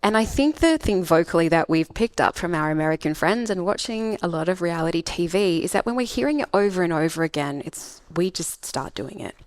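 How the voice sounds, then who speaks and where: A woman's voice: on the low side, expressive, a little fast, few pauses, no echo. A woman with an Australian accent, a public speaking coach talking emphatically in a podcast interview. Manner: emphatic, acts out example voices.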